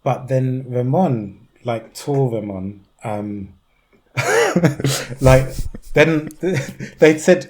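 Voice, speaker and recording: A young man from East London with a London accent, a podcast guest telling a story in an animated way, laughing often and mimicking the voices of others. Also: mid-range voice, extremely slow, slight background noise. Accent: London English. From East London, England. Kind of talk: conversational storytelling.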